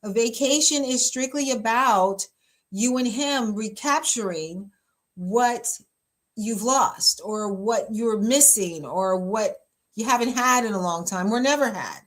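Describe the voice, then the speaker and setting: A woman pastor with a somewhat high voice speaks slowly, giving casual relationship advice. She's chatty and emphatic, filling her talk with fillers and laughing easily.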